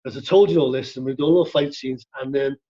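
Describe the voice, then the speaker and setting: A middle-aged man from Liverpool with a Scouse accent, telling a story in casual chat, animated and fast-talking, punctuating lines with "right?". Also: mid-range voice, dull audio. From Liverpool, England. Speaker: stunt coordinator guest.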